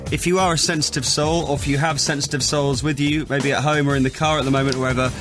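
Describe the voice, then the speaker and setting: A man's voice: medium pitch, fairly even intonation, quick pace, over loud music. A male radio host telling a cheeky story in studio chat, with a mock-tough streak. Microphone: studio microphone.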